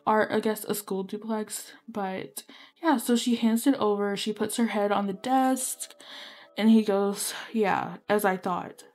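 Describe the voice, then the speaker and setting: A woman's voice: medium pitch, steady tone, unhurried, darkish tone. Young woman, casual storytelling, rambling, lots of fillers, apologetic asides. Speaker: gaming video creator. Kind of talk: casual storytelling while playing.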